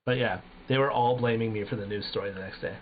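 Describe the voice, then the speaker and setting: A man's voice: lowish voice, quick pace. A man streaming and casually telling anecdotes, swearing often and acting out the people in his stories. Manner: profane, animated, acts out voices in anecdotes. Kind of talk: casual storytelling chat. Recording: tinny phone-like sound with faint noise.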